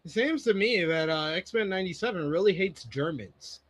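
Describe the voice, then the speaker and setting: A man's voice: sits high, lively intonation, moderate pace, a bit bright. A man hosting a show review, joking and steering the talk between recaps. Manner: joking, leads discussion and recaps. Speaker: podcast host. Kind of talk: casual review chat.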